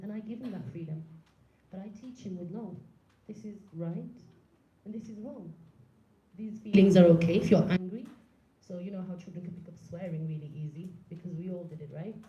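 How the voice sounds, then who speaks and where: A woman's voice: on the low side, dark tone. A woman in her thirties giving a public talk, speaking earnestly and directly, putting questions to the audience. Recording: echoey room, slightly dull sound.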